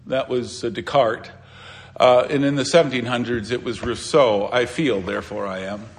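A man preaching a sermon as pastor, conversational and halting, with many restarts and fillers. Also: mid-range voice, a bit bright. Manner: conversational preaching, explaining scripture.

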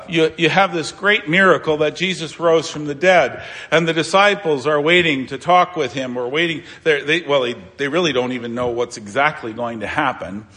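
Male pastor, sermon, fairly high voice, halting, restarts a lot. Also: sharp tone. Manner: halting, many restarts and fillers; conversational preaching, explaining scripture.

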